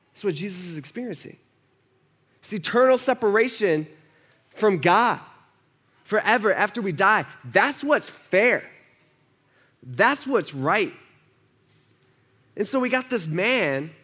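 A man's voice: sits high, fairly bright tone. A male pastor preaching a sermon in a church, talking with the room, asking questions and acting out the people in his story. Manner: conversational, asks the room questions, acts out quotes.

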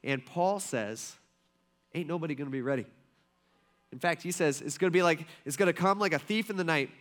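A pastor in his thirties delivers a casual, conversational sermon in a slightly high, fairly bright voice at a brisk clip. He's chatty and folksy, telling stories and filling his talk with fillers and asides.

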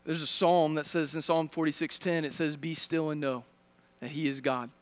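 A man's voice: on the high side, steady tone, normal speed. A man preaching a sermon as a pastor, speaking directly to his congregation with searching questions and frequent restarts. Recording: long reverb of a large hall.

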